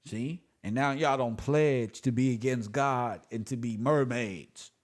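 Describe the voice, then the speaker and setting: A man speaking who delivers a preachy, swearing monologue to his viewers, swinging between loud and soft. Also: medium pitch, measured pace. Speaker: online commentator.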